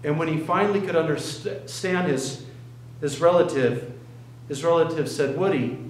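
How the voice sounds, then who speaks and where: A man preaching as a pastor, telling a story in an earnest way, with pauses and restarts. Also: fairly high pitch, reverberant, slight background noise, rough recording. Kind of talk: sermon. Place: church sanctuary.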